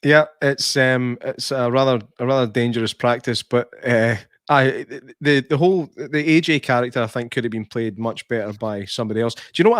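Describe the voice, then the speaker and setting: A man's voice: medium pitch, no room sound, studio quality. A man, co-hosting a podcast in a casual film review chat, laughing often and restarting his sentences. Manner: chatty, laughs often, many restarts and fillers. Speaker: podcast co-host.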